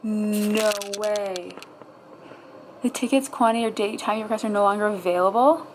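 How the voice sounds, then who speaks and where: In this rough recording with a little hiss or hum, a woman's medium-pitched voice moves at a moderate pace. She's a fitness vlogger chatting to herself and viewers, cursing in frustration as she attempts an online registration.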